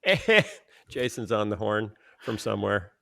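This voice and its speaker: A man's voice: on the low side, big pitch swings, a little slow, vocal fry, fairly bright tone, no room sound. Jokey man, middle-aged, podcast host, dry close mic. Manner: playful, joking, sings a silly theme song. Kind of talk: casual chat.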